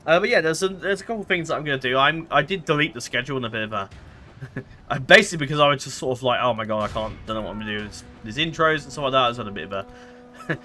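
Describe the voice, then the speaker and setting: Bright-voiced man rambling over gameplay. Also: fairly high pitch, animated, fast talker, faint music behind. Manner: rambling, hesitant, frequent fillers and self-corrections. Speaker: gameplay commentator. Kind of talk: casual let's-play commentary.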